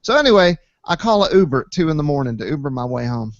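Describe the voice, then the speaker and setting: A man hosting a casual online hangout, telling stories with lively jumps in pitch when he quotes people. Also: fast talker, no echo, highs cut off. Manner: animated storyteller, jumps to high pitch when quoting people. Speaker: host, site admin. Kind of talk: casual chat, storytelling.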